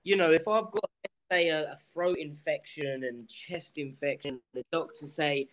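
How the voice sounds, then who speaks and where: Man guest on a chat podcast, candid and rambling, pitched a little high. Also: moderate pace, few pauses, low-quality recording. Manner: candid, rambling, many "you know"s. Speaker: guest, professional fighter. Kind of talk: casual podcast interview.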